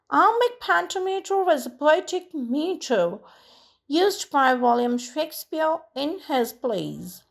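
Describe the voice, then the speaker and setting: A woman teaching a literature lesson, reading slowly and deliberately and tapping out verse rhythms syllable by syllable. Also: sits high, sing-song, vocal fry. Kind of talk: slow, read-aloud lesson.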